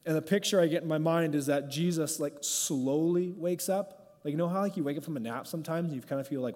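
A man's voice: a little high, fast talker, few pauses, a little mellow. A male pastor giving an informal, conversational sermon and leading a prayer, talking loosely and often saying "like". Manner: conversational, peppered with "like", going off script. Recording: long hall reverb.

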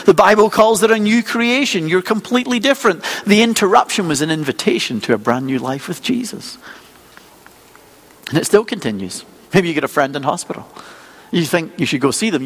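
A man preaching a sermon as a pastor, telling stories in a lively, conversational way and acting out small scenes. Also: high-pitched, big-room sound. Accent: non-local accent.

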